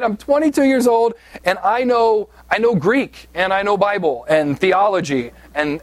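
Telling a personal story from the pulpit, a high-pitched pastor from southeast Pennsylvania keeps things conversational and pokes fun at himself, dropping "right?" again and again. It's a dry recording.

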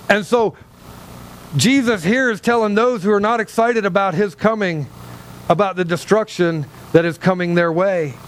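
Male pastor, high voice, lively humorous preaching on a church stage. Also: slight background noise. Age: older than 37. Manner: animated, humorous, talks straight to the congregation. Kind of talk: sermon. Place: church sanctuary, on a low stage.

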